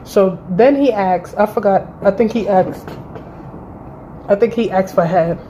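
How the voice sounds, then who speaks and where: Woman around 30 doing a storytime vlog, cussing a lot, blunt and animated, mellow voice. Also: mid-range voice, unhurried, slight background noise, low-quality recording. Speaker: vlogger. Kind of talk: casual storytime. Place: indoor room by a window.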